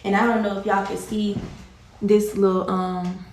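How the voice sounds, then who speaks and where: A woman's voice: mid-range voice, level tone, normal speed, a little mellow, distant mic, a little hiss or hum. Emphatic woman vlogger in an echoey room. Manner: emphatic and repetitive, often addressing viewers directly. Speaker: vlogger telling a personal story. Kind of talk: casual storytime to viewers.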